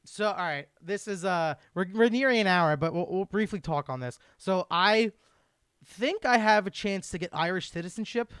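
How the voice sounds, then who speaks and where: Male podcast host with a New York accent, smooth clear voice, loose rambling delivery with swearing, dry room. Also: high-pitched, animated, normal speed, a bit bright, no echo. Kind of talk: casual podcast chat.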